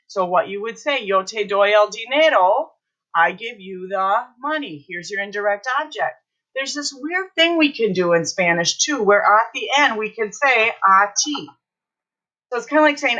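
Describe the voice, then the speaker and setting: A woman's voice: medium pitch, sharp tone, lo-fi sound. A woman teaching a Spanish class online, explaining grammar step by step and checking in with her students. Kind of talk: recorded online class lesson.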